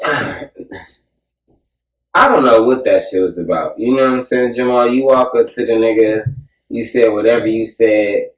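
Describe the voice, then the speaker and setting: A man hosting a casual, profane podcast chat, joking and animated as he recaps events. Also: lowish voice, moderate pace. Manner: animated, joking, mimics people loudly. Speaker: podcast host. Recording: roomy sound, mic at a distance.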